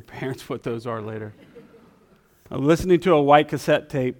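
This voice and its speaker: Gravelly-voiced man preaching. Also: mid-range voice. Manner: conversational, self-deprecating, with soft prayerful passages. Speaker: guest preacher. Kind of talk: sermon. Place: church sanctuary.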